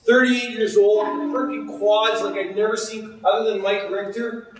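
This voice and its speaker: Male goalie coach, high voice, energetic drill cues, booming echo, far from mic. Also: unhurried. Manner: energetic, repetitive cueing. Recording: very echoey, distant mic.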